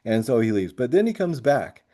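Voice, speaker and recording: A man with a mellow, warm-toned voice recounts a story from his years as a coach. He tells it in an animated, lively way and keeps breaking into laughter. His pitch sits at a middle level for a man. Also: moderate pace. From grew up moving around as a military kid. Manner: animated storyteller who laughs often through his tale. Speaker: high school track coach and teacher. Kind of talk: storytelling in a podcast interview.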